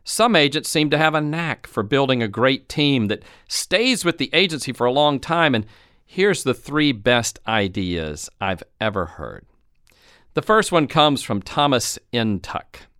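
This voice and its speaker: Smooth-voiced man coaching with anecdotes. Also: mid-range voice, animated, measured pace, fairly bright tone, dry recording, clean studio sound. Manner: retells anecdotes and acts out quoted speech. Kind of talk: instructional storytelling talk.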